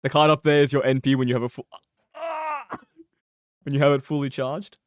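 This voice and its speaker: A young man giving casual, swearing, joking commentary while streaming a game, his mic close and peaking loud. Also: mid-range voice, rapid-fire, clear, resonant tone, dry recording. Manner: animated, swearing, laughing, joking.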